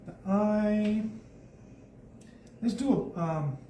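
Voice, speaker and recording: High-voiced man teaching painting live. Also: drawn-out words, warm tone. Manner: chatty, thinks aloud while painting. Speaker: art instructor. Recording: echoey room, mic at a distance, faint background noise.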